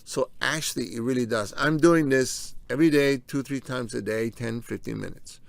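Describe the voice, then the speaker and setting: A man with a gravelly, fry-laden voice talks viewers through a casual explainer, repeating his main points and pausing for quick asides. The sound is dry and close, with no room around it. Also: medium pitch, no echo. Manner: walks through on-screen slides. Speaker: presenter of a health video.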